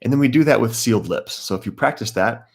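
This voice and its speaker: A man teaching a live guided meditation class, calmly explaining breathing techniques and greeting viewers by name. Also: mid-range voice, quick pace, gravelly.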